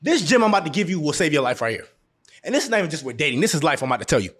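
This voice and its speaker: Animated high-voiced man giving blunt advice. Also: racing. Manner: blunt, animated, laughs often; repeats phrases for emphasis. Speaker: relationship advice vlogger. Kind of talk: casual advice monologue to camera.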